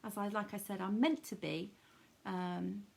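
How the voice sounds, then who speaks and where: A woman's voice: medium pitch, steady tone, unhurried, vocal fry, a little mellow. A woman giving a live-streamed psychic reading, speaking in a soothing, intimate way full of endearments.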